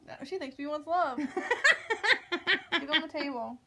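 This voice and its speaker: A woman's voice: high voice, unhurried, fairly bright tone. A woman at home joking along while her family films their pet bird, voicing what the bird thinks. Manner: speaks for the bird in jokey asides. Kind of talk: casual home video chat.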